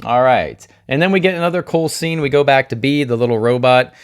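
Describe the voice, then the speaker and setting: A man's voice: mid-range voice, brisk. Chatty man thinking aloud. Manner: thinks aloud, questions himself, jokey asides; openly emotional, gushing. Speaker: TV show reviewer. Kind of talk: casual spoiler review.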